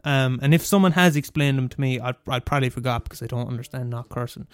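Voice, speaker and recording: A man's voice: mid-range voice, fast talker, clear, resonant tone, dry recording. A young man in his twenties with an Irish accent, ranting casually and cursing freely. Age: 20s. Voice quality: sweary, animated rant. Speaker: student radio host. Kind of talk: casual monologue.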